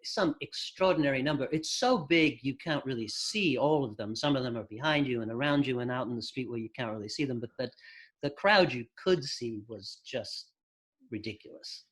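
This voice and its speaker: A man telling stories from his music career as an interview guest, relaxed, with dry humor. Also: mid-range voice, normal speed, slightly rough. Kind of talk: casual interview storytelling.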